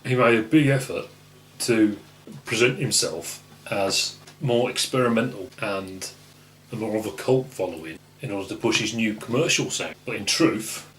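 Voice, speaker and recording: A man's voice: fairly low pitch, moderate pace, fairly bright tone, a little hiss or hum, poor audio. A man co-hosting a casual album review, offhand and trailing off at the ends of phrases. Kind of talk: casual chat.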